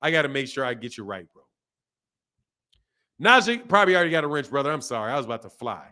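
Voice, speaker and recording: A man hosting a boxing live stream, reading viewer comments and ranting in animated, slangy talk. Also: medium pitch, fast, pauses often. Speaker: boxing channel host.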